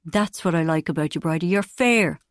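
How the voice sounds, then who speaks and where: A woman's voice: fairly low pitch, normal speed, no echo, close to an everyday voice. A wry, sardonic teenage boy, as a woman narrator puts him on in an audiobook. He speaks dryly and is easily embarrassed by his family. The reading is dry and close.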